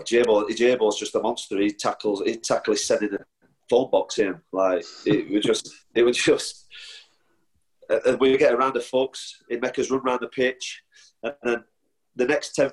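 A man's voice: medium pitch, low-quality recording. A man with a Northern English accent, a footballer guest telling anecdotes in casual chat, often restarting and laughing. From Sheffield, England. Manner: chatty storyteller with frequent restarts and laughter.

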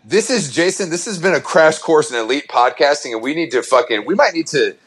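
A man's voice: on the high side, expressive, brisk. A man co-hosting a podcast in casual chat, teasing and swearing freely. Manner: profane, teasing. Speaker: podcast co-host.

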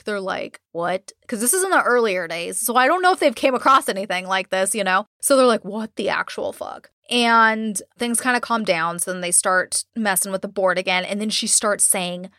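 A woman's voice: mid-range voice, moderate pace, hardly any pauses, bright, forceful tone, no room sound, studio quality. A woman podcast host casually retelling a haunted-house episode, acting out quotes and swearing freely. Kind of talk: casual storytelling chat.

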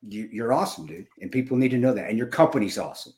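A man in his fifties co-hosting a podcast, talking emotionally and haltingly with many restarts. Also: fairly low pitch, animated, a little mellow. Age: 50s. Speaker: podcast co-host. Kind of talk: casual podcast chat.

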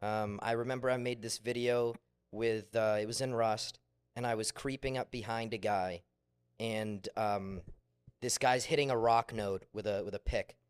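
Man, smooth resonant voice, rambling, full of fillers, podcast guest, living room couch. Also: lowish voice, fairly even intonation, moderate pace. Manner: rambling storyteller, lots of fillers. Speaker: podcast guest, gaming video creator. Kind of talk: casual podcast chat.

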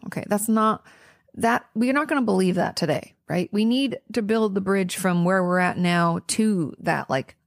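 A woman's voice: mid-range voice, moderate pace, no room sound, studio quality. A young woman hosting a podcast, answering listener questions in an earnest, reassuring way, tired and yawning, with plenty of ums and restarts. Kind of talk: casual advice talk.

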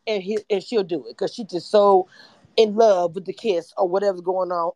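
A woman hosting a livestream, chatting animatedly and excitably about a reality show, sometimes breaking into shouts and laughter. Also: mid-range voice, normal speed, dry recording. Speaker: livestream host. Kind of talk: casual reality-TV recap chat.

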